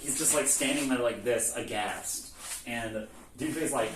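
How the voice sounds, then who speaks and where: Bright-voiced man recapping with animated energy. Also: mid-range voice, normal speed. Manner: animated retelling, acts out characters' lines with frequent swearing and laughs. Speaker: presenter recapping a video game plot. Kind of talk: casual comedic lecture. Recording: echoey room, distant mic, faint noise.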